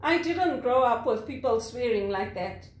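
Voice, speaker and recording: A woman from Zimbabwe, talking candidly about call center work, animated, acting out angry callers and laughing often. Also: a little high, moderate pace, reverberant. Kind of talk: candid personal monologue.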